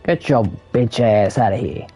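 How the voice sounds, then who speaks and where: A man's voice: fairly low pitch, normal speed, dark tone, soft background music. Ranting, foul-mouthed male gamer. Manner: angry, heavily profane, ranting. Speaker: game streamer. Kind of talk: ranting gameplay commentary.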